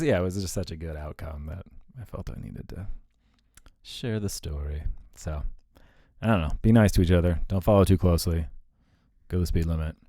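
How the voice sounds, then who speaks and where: Rambling low-voiced man telling a story. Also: dark tone, no echo, studio quality. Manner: rambling, full of fillers and self-deprecating laughs. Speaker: vlogger. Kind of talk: casual storytelling monologue.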